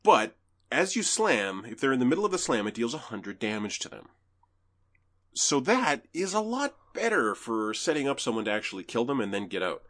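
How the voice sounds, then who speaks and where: A man's voice: medium pitch, normal speed. A young Canadian man with a Canadian accent, talking casually about a video game as a podcast co-host. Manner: animated, laughs often. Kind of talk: casual gaming chat.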